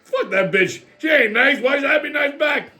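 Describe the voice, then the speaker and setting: Man putting on a grumpy old man, shouting, crude insults, raised pitch. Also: expressive, normal speed, heavily acted. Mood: angry. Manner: loud, insulting, profane. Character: cranky foul-mouthed old man, always yelling.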